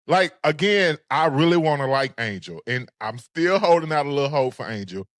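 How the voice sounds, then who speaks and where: Animated guy dishing reality tv gossip, sassy, dry mic. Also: fairly high pitch, moderate pace, dry recording. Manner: sassy, animated, sings phrases. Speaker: podcast co-host. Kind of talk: casual recap chat.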